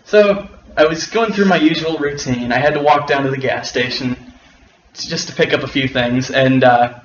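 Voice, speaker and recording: A man, a guest on the video, telling a personal story in a casual, wry, unhurried way. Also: mid-range voice. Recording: roomy, dull and slightly noisy.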